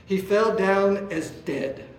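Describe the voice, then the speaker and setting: High-voiced man preaching in an echoey room. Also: takes it slowly. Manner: asks the listeners rhetorical questions, with many "uh" fillers. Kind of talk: sermon.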